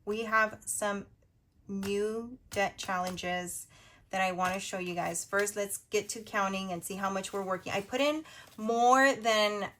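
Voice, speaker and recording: A woman in her thirties hosting a budgeting video, chatting casually while she counts cash out loud. Her voice is going a little hoarse. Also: medium pitch, steady tone, a little hiss or hum. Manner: chatty, counts money out loud, quick asides.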